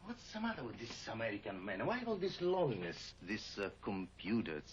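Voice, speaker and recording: An actor playing a cheerful, nosy amateur sleuth who speaks in broken English. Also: male voice, lowish voice, sing-song, a little fast. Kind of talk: 1960s TV drama acting. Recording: dull old TV soundtrack, hiss.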